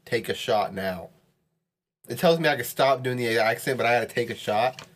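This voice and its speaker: A man's voice: medium pitch, moderate pace, long pauses, a bit bright. Man, podcast co-host, drunk casual chat, laughs and swears often. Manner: laughing, swearing, slurring as he drinks.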